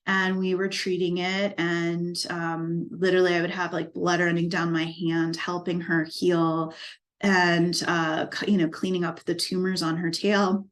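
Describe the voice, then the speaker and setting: A woman's voice: lowish voice, little pitch movement, a little slow. A middle-aged woman, an equine life coach, telling her personal story in a documentary interview in an earnest, reflective and emotionally moved way.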